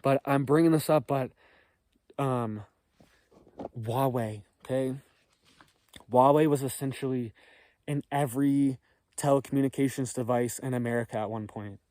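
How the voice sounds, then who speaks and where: Hoarse man, dry close mic. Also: mid-range voice, moderate pace, long pauses, darkish tone, no echo. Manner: rambling, emphatic, frequent "okay?" and "all right?" check-ins. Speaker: commentary channel host. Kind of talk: casual spoken commentary to viewers.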